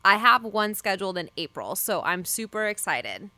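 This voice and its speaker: A woman's voice: medium pitch, sing-song, moderate pace, sharp tone, dry recording. A woman guest on a casual podcast giving blunt, short answers and swearing casually.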